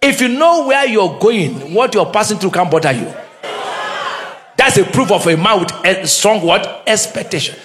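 Animated pastor preaching. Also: male voice, high-pitched, normal speed, a crowd in the background, noisy background. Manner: animated, humorous preaching with call-and-response and Pidgin asides. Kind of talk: sermon. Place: church.

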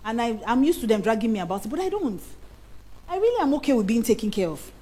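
A woman with a Nigerian accent preaching a sermon, playful and animated, dropping into pidgin asides. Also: a little high, quick pace, low-quality recording.

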